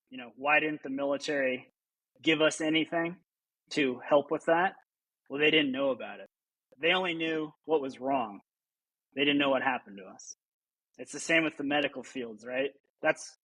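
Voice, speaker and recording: Husky-voiced man explaining earnestly. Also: a little high, a bit bright, no echo, rough recording. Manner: earnest, explanatory, repeats words often. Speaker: podcast guest, military veteran. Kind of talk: conversational interview answer.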